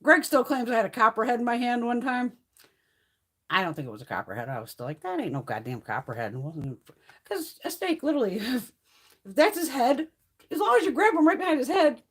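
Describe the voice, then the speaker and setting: A woman's voice: sits high, fairly bright tone. A woman hosting a casual livestream chat, swearing freely and laughing through her stories. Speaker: livestream host.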